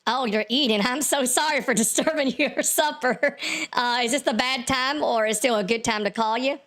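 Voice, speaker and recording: A man's voice: very high-pitched, normal speed, a bit bright, voice pushed up. Man voicing Faye, courteous female security caller, put-on Texan accent, voice-changer filter, scambait prank call. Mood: polite. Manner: overly polite, apologetic.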